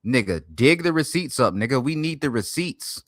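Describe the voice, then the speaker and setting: A man streaming and reacting to a video, talking loudly in profane slang and swinging between hype and mumbles. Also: mid-range voice, animated, moderate pace, dry recording, studio quality. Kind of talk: casual reaction stream chat.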